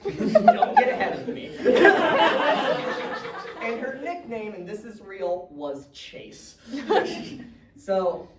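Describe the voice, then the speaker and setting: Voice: mid-range voice, big pitch swings, drawn-out words, far from the mic. A comedian in their twenties telling stories on stage, often chuckling between punchlines. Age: 20s. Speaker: stand-up comedian. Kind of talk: stand-up storytelling. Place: comedy venue stage with live audience. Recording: roomy, from the mic, audience noise.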